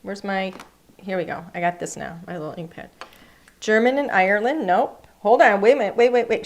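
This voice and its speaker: A woman's voice: mid-range voice, normal speed. A woman hosting a live craft class, chatting enthusiastically and thinking aloud as she works. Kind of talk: live-streamed craft demonstration. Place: craft studio.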